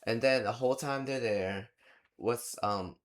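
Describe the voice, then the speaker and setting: A man's voice: medium pitch, unhurried, a little hiss or hum. A man giving casual reaction commentary on a film, ranting in an exasperated, chatty way with plenty of rhetorical questions and fillers. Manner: loose and chatty with many fillers. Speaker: movie reviewer.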